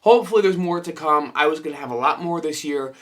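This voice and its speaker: A man talking to camera in a room filled with his collection, swapping between his own voice and quoted bits of conversation. His voice sits slightly high for a man, and he talks loosely and animatedly, swears freely and leans on fillers as he goes. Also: quick pace, fairly bright tone. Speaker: horror collectibles vlogger. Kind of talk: casual storytelling to camera.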